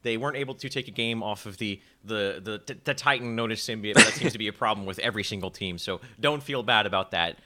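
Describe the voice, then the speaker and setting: A man hosting a casual gaming show, excitable and joking with his guests over a call. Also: on the low side, quick pace, few pauses. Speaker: show host. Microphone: video call.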